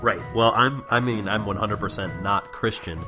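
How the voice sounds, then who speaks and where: A man's voice: on the low side, normal speed, music in the background. A man co-hosting a comedy podcast, talking in an exasperated, sarcastic way. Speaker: podcast co-host. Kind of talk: improvised comedy sketch.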